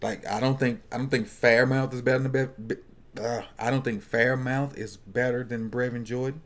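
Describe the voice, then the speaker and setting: A man's voice: mid-range voice, steady tone, normal speed. A man talking casually at a football draft watch party. He jokes and thinks aloud, often restarting his sentences. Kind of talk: casual chat.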